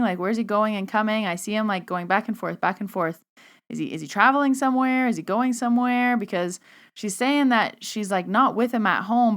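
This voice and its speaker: A woman podcast host telling a story and acting out both sides of a conversation with lively quoted dialogue. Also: mid-range voice, smooth. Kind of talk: storytelling monologue.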